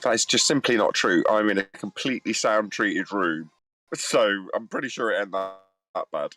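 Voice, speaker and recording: A man's voice: fairly low pitch, normal speed, sharp tone, no echo, low-quality recording. A man chatting bluntly as a guest on a live stream over an iPad mic. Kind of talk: casual chat.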